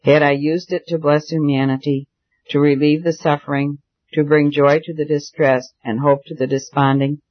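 A man's voice: fairly high pitch, level tone, moderate pace, dry recording, lightly acted. A man voicing a wealthy male landlord who is anxious and guilt-stricken, read in an audiobook. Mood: anguished. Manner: anxious confessional pleading. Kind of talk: audiobook character reading. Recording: dull dry recording.

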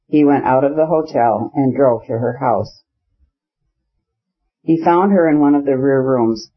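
A man reading a classic novel aloud as an audiobook narrator, measured and even. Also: medium pitch, husky. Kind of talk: scripted narration. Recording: slightly muffled audio.

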